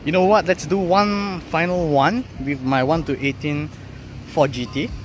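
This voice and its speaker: A man's voice: a little high, measured pace, slight background noise. A man vlogging casually outdoors, thinking aloud with laid-back slang as he sets up photos. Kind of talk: casual narration while shooting photos.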